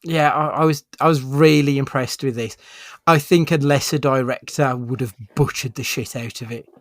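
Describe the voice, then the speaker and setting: A man's voice: medium pitch, normal speed, no echo. A man co-hosting a podcast, casually chatting through a film review and leading the rating categories. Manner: relaxed, leads the rating categories. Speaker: podcast co-host.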